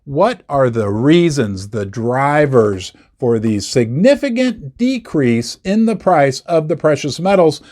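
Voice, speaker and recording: A man's voice: mid-range voice, sing-song, takes it slowly, hardly any pauses, a little mellow. A man hosting a commentary video on the metals markets, talking emphatically, repeating words for effect and dropping sarcastic asides. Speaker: investment video host. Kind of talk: scripted commentary to camera.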